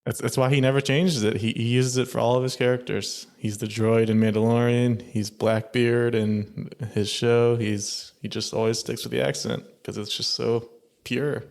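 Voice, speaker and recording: A man's voice: mid-range voice, little pitch movement, moderate pace, vocal fry, darkish tone. A man co-hosting a film podcast in casual chat, with dry, punning humor. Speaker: podcast co-host.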